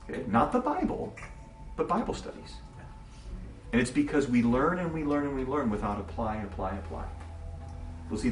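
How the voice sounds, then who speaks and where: A man pastor teaching a congregation in a relaxed, conversational sermon style, telling stories with asides to his listeners. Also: mid-range voice. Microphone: distant mic. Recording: echoey room from far off, faint noise.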